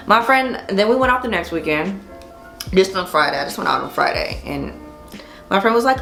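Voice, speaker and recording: A woman hair vlogger tells an animated, chatty story while installing a wig and swears casually. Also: medium pitch, moderate pace, roomy sound, faint music behind.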